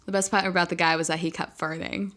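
A woman's voice: fairly low pitch, fast. A young woman casually retelling a story to a friend, slangy and full of swearing. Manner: slangy, swears a lot, animated retelling with laughs.

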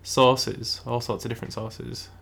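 A man's voice: medium pitch, little pitch movement, unhurried, creaky, a bit bright. A man from Cumbria, chatting casually and laughing easily. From Cumbria, England. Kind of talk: casual chat.

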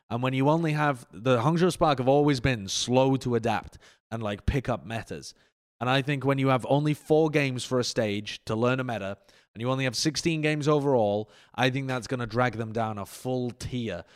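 Opinionated male esports panelist, casual and slangy. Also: medium pitch. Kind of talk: casual esports analysis chat.

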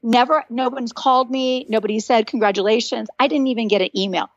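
A middle-aged woman, a guest on a podcast, telling stories in an animated, earnest and encouraging way. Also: on the high side, brisk, hardly any pauses, no echo, dull audio. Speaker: podcast guest, author and speaker. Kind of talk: casual chat.

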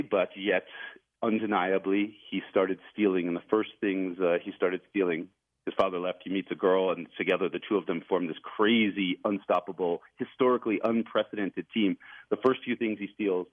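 A man's voice: deep voice, steady tone, normal speed. A man, an author and journalist, talking as a guest in a radio interview, telling his story eagerly and chuckling now and then. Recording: tinny phone line.

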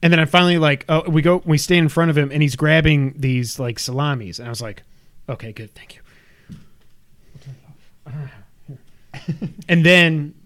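A man's voice: fairly high pitch, moderate pace, fairly bright tone, dry recording. A man hosting a casual podcast, rambling through stories and laughing often, on a headset mic. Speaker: podcast host.

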